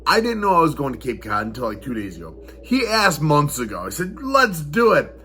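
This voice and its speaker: A man's voice: medium pitch, very animated, brisk, sharp tone, a little hiss or hum. A man vlogging in a casual, rambling way, telling a story, chuckling often and repeating himself as he goes. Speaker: fighter vlogger. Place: on the road for a fight in the northeastern US.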